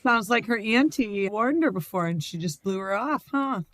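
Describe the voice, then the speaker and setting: A woman's voice: medium pitch, expressive, normal speed, fairly bright tone. A woman co-hosting a podcast, dropping wry short comments into the chat. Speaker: podcast co-host. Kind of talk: casual chat.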